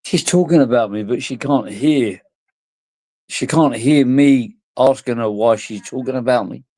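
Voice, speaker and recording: A man's voice: medium pitch, a little slow, mellow, no room sound. A drunk man, rambling crudely and giggling through a casual vlog chat. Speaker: vlogger.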